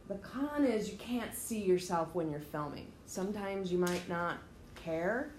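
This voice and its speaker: A woman's voice: fairly low pitch, expressive, a little slow, darkish tone, a little hiss or hum. A woman teacher giving a direct, emphatic classroom lecture, explaining things to her students step by step. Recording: echoey room, faint ambience.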